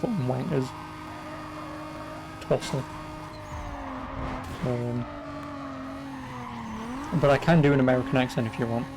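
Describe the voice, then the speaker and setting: A young man from England, with an English accent, streams a racing game while giving sarcastic, sweary, casual commentary. His mid-range voice is gravelly and measured, with long pauses and noise in the background.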